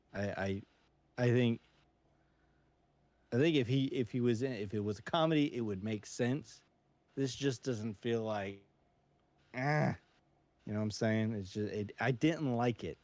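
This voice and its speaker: A man's voice: medium pitch, unhurried, long pauses, a little mellow, dry recording. A man co-hosting a casual movie review podcast, rambling with many restarts and jokey asides. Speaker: podcast co-host.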